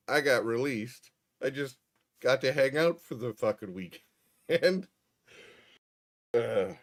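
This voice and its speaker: A man telling a story in casual chat, profane and wry. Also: mid-range voice.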